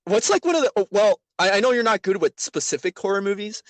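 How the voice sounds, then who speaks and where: Lively, laughing podcast host man. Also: high voice, quick pace, dry recording. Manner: animated, laughs often, teasing. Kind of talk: casual chat.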